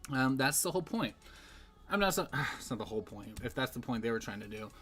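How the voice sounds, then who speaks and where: A man's voice: medium pitch, expressive, fairly quick, fairly bright tone, breathy edge, soft background music. A man giving a casual, rambling movie review, full of fillers and restarts.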